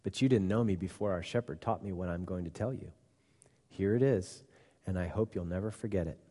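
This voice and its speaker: A man voicing a kind, wise male sheep in a children's story, read quietly and calmly. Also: low voice, brisk, in a large hall. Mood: gentle. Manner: quiet, calm storybook reading. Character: gentle wise male sheep, patient teacher.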